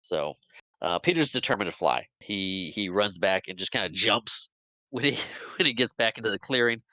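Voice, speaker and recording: A podcast host with a fairly low voice casually recaps a movie's plot at a moderate pace, acting out the characters' lines and laughing often. The recording is dry, and his retelling is animated.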